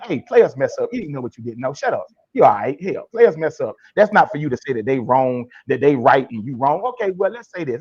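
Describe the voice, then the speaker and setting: A man's voice: fairly high pitch, darkish tone, breathy edge. A man speaking as a guest life coach in a podcast interview, emphatic and preachy, acting out blunt tough-love lines. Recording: dull lo-fi sound.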